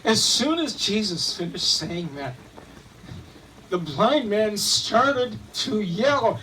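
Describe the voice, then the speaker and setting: A man retelling a story in the first person as an eyewitness, halting at times and repeating words. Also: high-pitched, very animated, sharp tone, slight background noise. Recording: distant mic, faint room ambience.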